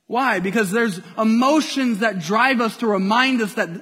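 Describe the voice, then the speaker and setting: A male pastor preaching with a notably high voice, playful and engaging as he pulls the congregation along. His words ring out with a long church-hall reverb. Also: moderate pace. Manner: lively, playful, draws the congregation in. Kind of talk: sermon.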